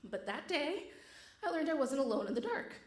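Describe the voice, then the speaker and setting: A woman's voice: sits high, big pitch swings, moderate pace, reverberant. A woman telling a true story on stage with a wry, comic delivery. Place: stage before a live audience.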